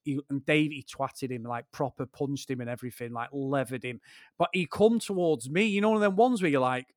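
A man's voice: mid-range voice, brisk, dry recording, clean studio sound. A man, co-hosting a podcast and telling long, sweary stories in casual chat. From Greater Manchester, England. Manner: rambling storyteller, swears freely, keeps addressing his co-host. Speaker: podcast co-host.

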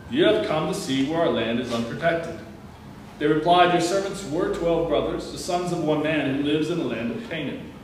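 A man with a somewhat high voice reads scripture aloud at a steady, measured pace, now and then tripping over a word and restarting. He sits well back from the mic in a very echoey room. A faint hum of ambient noise sits underneath. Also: far from the mic. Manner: measured, plain reading with occasional stumbles and restarts. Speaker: scripture reader. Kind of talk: reading a Bible passage aloud.

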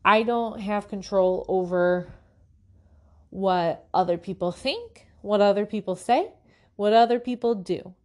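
A woman hosting a podcast, telling her own story of faith and struggle in an earnest, halting way with many restarts. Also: mid-range voice. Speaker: podcast host. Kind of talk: personal faith testimony.

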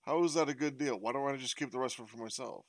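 A man's voice: mid-range voice, racing. A man playing a tabletop game, speaking in character, bargaining hard with a wry, swearing manner. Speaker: player.

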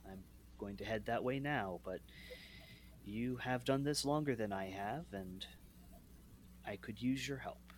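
A man's voice: on the low side, measured pace, long pauses, slight background noise, lightly acted. A man playing an earnest young monster hunter who speaks politely to his uncle.

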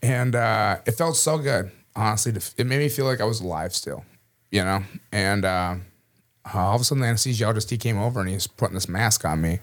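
A man from Minnesota talks through his story in a relaxed, conversational way. His voice sits lowish and he speaks quickly. He keeps chuckling and filling gaps with "you know.". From Minnesota, USA. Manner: casual, chuckles often, many "you know" fillers. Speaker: guest, army veteran. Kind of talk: personal storytelling in an interview.

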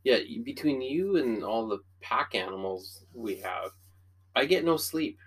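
A man in a laid-back chat with a husky voice. He speaks with a lively lilt and fires off dry, sleepy jokes. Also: mid-range voice, unhurried, low-quality recording. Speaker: co-host. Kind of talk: casual chat.

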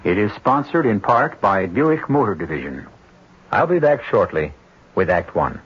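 Wry, measured man hosting a radio drama. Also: fairly low pitch, big pitch swings, fairly bright tone, slight background noise. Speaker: host. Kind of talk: scripted radio drama introduction. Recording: dull old radio broadcast with music.

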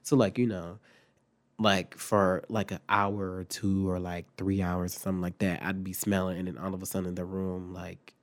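A young man, recovering from an illness and sounding congested, telling a story casually and profanely with big jumps in pitch. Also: flat delivery, normal speed, no echo. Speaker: vlogger.

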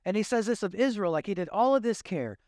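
High-voiced man preaching a casual sermon. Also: expressive, fast talker, mellow, no echo, clean studio sound. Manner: casual, joking, conversational preaching. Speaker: pastor.

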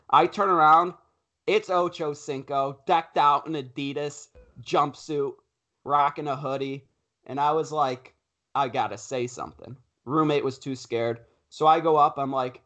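Animated young man telling a story. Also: medium pitch, normal speed. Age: young adult. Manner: animated storyteller, acts out quotes. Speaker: podcast co-host. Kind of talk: casual storytelling chat.

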